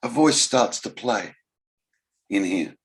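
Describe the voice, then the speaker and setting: A man giving an unhurried spiritual talk, pausing often and musing gently. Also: on the low side, expressive. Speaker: spiritual teacher. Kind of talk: slow reflective talk.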